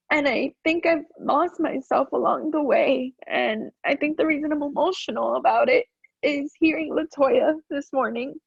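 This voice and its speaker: A woman's voice: high-pitched, vocal fry, breathy edge, dry recording, muffled recording. A woman calling in to a group call, sharing in an earnest, emotional way while close to tears. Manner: earnest and searching. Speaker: caller.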